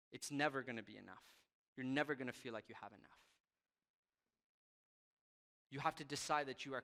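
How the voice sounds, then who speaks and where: A man preaching a youth sermon from a stage, passionate, swinging from loud to quiet. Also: medium pitch. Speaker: youth pastor. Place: church hall stage. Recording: long reverb of a hall.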